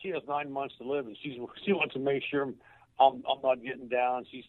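A man's voice: medium pitch, fairly even intonation, dry recording. Older man telling a story over the phone. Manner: halting, repeats words, moved to tears. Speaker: former baseball coach, guest. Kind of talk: emotional personal storytelling. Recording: tinny phone line.

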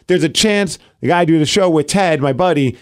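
A man's voice: on the high side, a little fast. A man co-hosting a podcast, chatting casually and retelling a story with lots of quoted back-and-forth. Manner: animated storyteller, acts out quoted dialogue. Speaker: podcast co-host. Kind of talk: casual chat.

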